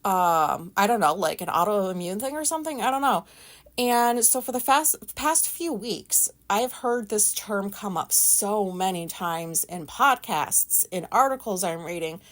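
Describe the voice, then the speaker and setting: A woman's voice: medium pitch, lively intonation, measured pace. Chatty, rambling woman podcaster. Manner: chatty, rambling, frank and self-deprecating; loud talker. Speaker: podcast host. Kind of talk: casual solo podcast monologue.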